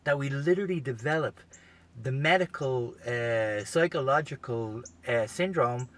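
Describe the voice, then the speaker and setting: A man's voice: medium pitch, a little slow, fairly bright tone. A man hosting a podcast, telling a long comedic story in a rambling, profane way full of "you know" asides. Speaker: podcast host.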